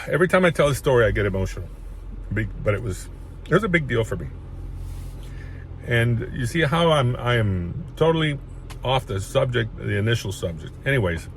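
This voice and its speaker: Low-voiced man rambling through a personal story. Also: a little hiss or hum. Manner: rambling, many restarts, emotional at times. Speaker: chiropractor sharing his story.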